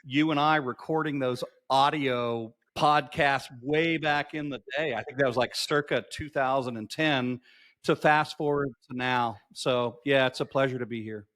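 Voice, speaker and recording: A relaxed man talks as a podcast guest, ribbing his host with dry, teasing humor. His voice has an ordinary middle pitch. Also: moderate pace. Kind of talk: casual podcast interview.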